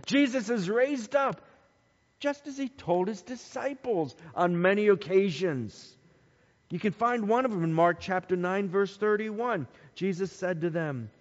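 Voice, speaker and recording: A man preaching a sermon, dramatic and emphatic, dropping to hushed tones at times. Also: high-pitched, animated, takes it slowly. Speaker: pastor. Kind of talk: Easter sermon. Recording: dull sound with long hall reverb.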